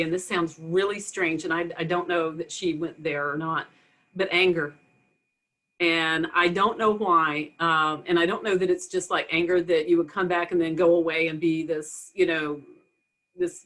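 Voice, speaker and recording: A woman's voice: lowish voice, fairly bright tone. A woman hosting a casual interview, thinking aloud in a hesitant, reflective way. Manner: thoughtful, hesitant, with "uh" and "you know". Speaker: interview host.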